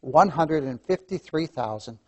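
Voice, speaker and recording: Man, fervent Bible teacher with a slightly high voice; big swings from loud emphasis to near-whispers, repeats his points. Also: animated, measured pace. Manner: impassioned, swings from loud emphasis to hushed asides; calls listeners "beloved", repeats key phrases. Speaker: Sunday school teacher. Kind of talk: preaching a Bible lesson.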